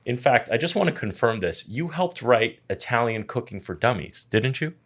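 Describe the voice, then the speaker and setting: A man's voice: mid-range voice, lively intonation, moderate pace. A man hosting a podcast, giving an upbeat, emphatic introduction to his guest. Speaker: podcast host.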